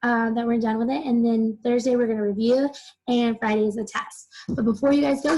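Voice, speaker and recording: A woman's voice: on the high side, fairly even intonation, fairly quick, a little mellow, slight background noise, poor audio. A young woman teacher explaining a children's novel chapter to her students in simple terms, full of "like" fillers. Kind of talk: recorded reading lesson for children.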